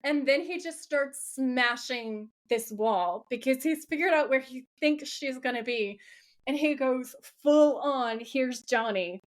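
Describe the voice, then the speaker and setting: Woman, podcast co-host, fairly high voice, excitable, gushing, casual recap chat. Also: a little slow. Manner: gushing, excitable, swears and laughs often.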